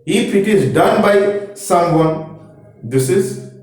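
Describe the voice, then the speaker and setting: Male grammar teacher, higher voice, slow and repetitive, recorded from a distance in a very echoey room. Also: animated, darkish tone. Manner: slow, repetitive explaining, pointing to examples. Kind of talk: classroom-style explanation.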